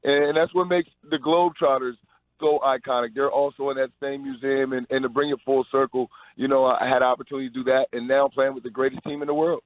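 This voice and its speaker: Over a tinny phone line, a pro basketball player with the Harlem Globetrotters gives an upbeat, promotional radio interview as a guest, repeatedly restarting as he stumbles. He talks quickly in a mid-range voice with little pitch movement and no echo.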